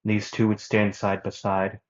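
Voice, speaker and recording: A man's voice: on the low side, completely flat delivery, unhurried. A man casually narrating a fan-made story, rambling with many fillers and self-corrections, on a dull lo-fi recording.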